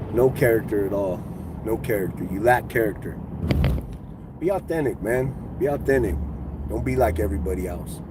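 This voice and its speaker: A man hosting a casual livestream, ranting with profane, mocking trash talk while driving. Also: mid-range voice. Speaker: livestream host. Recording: street and car noise behind.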